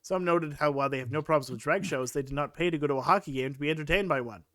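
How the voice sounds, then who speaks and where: A man's voice: a little high, racing, a bit bright, no room sound, clean studio sound. Sarcastic man reading news aloud. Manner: sarcastic, exasperated. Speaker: podcast co-host. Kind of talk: casual opinion chat, reading news aloud.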